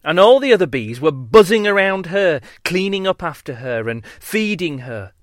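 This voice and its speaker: A man narrating a children's story in a playful, drawn-out way. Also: high-pitched, no room sound, studio quality. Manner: lively, playful, drawn-out delivery.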